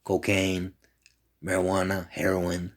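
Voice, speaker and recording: A man's voice: low voice, completely flat delivery, slow. A man rambling in a loose, profane monologue, jumping from one complaint to the next.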